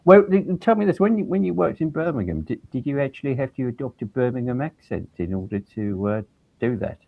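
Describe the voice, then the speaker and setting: Man, low gravelly voice, dull lo-fi call audio, animated storyteller. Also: a little fast. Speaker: guest, a judge. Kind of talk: anecdotal conversation. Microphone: video call.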